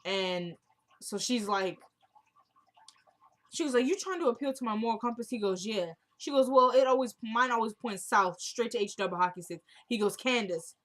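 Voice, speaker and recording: A woman's voice: medium pitch, expressive, normal speed. A woman vlogger recapping a TV drama episode in a casual, chatty way, retelling each scene line by line with "she goes" and informal slang.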